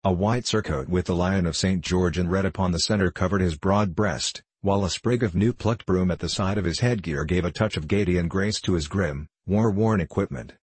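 A man narrating an audiobook in an even, measured reading. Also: deep voice, husky, dry recording.

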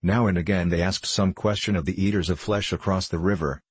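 Man, low voice, husky, dry close recording, storybook reading. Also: steady tone, a little fast, dry recording. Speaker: audiobook narrator. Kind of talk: scripted storybook narration.

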